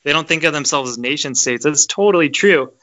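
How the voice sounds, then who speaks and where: A man hosting a casual podcast chat, talking in an excitable, emphatic way and often repeating his words. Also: a little high, fairly quick, lo-fi sound. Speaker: podcast host. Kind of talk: casual conspiracy chat, reading aloud.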